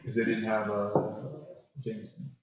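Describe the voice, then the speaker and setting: A man chatting casually as a podcast co-host, tossing in quick jokes. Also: fairly low pitch, completely flat delivery. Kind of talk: casual chat. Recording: echoey room with crowd noise, lo-fi.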